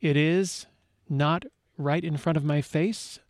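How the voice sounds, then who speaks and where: A man's voice: on the high side, steady tone, slow, dry recording, clean studio sound. Rambling radio host man. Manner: rambling, self-correcting. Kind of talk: casual radio chat. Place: radio studio.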